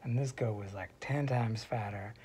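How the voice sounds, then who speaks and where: Husky man rambling through a tale. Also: on the low side, moderate pace, a little mellow. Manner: digressive asides, drops to a whisper at times. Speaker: storyteller. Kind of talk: casual rambling storytelling. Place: hospital room.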